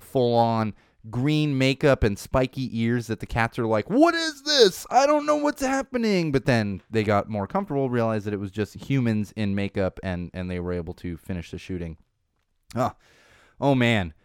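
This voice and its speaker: A man's voice: medium pitch, clear, resonant tone, dry recording. A man hosting a casual entertainment news chat in a studio, rambling and correcting himself, with sarcastic asides. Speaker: podcast host. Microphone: studio microphone.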